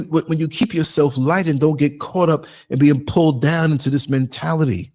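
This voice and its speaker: A man from New York with a voice on the high side speaks at normal speed in a motivational podcast monologue. He's blunt and streetwise, and his stories are animated, with acted-out quotes.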